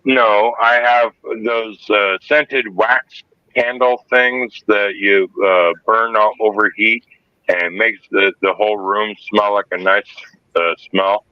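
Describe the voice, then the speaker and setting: A man talking casually on a livestream, halting with fillers as he explains his distilling. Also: lowish voice, steady tone, smooth, no echo, dull audio. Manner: halting, many fillers and restarts.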